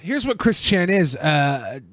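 A man co-hosting a podcast, explaining things in a measured way with some fillers. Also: a little high, sing-song, a crowd in the background. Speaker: co-host. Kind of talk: casual podcast banter.

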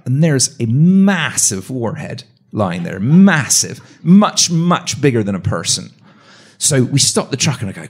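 Animated storytelling man, lively quotes. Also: medium pitch, normal speed, breathy edge. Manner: animated anecdote with voiced quotes and restarts. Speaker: guest, meteorite hunter. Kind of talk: live storytelling on a talk show. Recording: live audience event.

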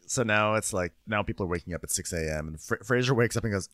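A man's voice: on the low side, fast talker, hardly any pauses, a bit bright, no room sound. A man co-hosting a comedy podcast, recapping a reality show in a rambling, wry way. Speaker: podcast co-host.

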